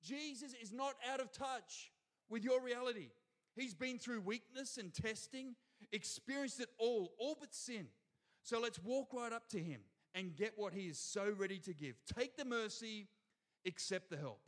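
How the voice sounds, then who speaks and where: A man with an Australian accent preaching a sermon to a church congregation, energetic and calling out to the crowd. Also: extremely high pitch, normal speed. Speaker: pastor. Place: church hall before a congregation.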